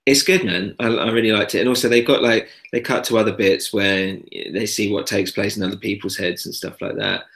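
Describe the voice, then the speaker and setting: A young man talks through a film review in a relaxed podcast chat. He hesitates often and keeps things understated, with a low-pitched voice. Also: a little fast, gravelly, hardly any pauses. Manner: hesitant, many fillers, understated. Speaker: podcast co-host. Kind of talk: casual chat.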